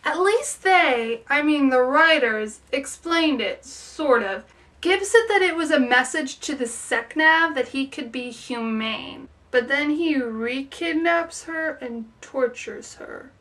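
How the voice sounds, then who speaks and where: A woman's voice: sits high, lively intonation, takes it slowly, a bit bright, distant mic. A woman giving a chatty, opinionated review of a TV episode, rambling through her thoughts. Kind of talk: casual solo review.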